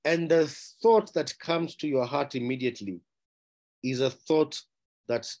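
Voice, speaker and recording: A man preaching a sermon, emphatic, asking rhetorical questions and repeating key phrases. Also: a little slow. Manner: rising in pitch and loudness on key words.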